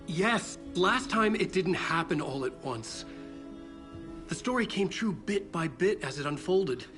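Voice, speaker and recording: A haunted novelist in a game, his fairly high voice strained and halting, often breaking off and sinking toward a whisper. Tense game music runs clearly beneath him. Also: expressive. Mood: troubled. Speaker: writer under questioning.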